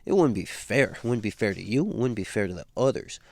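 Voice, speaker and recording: A man putting on a slow, grave college dean. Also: on the low side, lively intonation, a little mellow, no echo. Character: solemn male college dean, fussy.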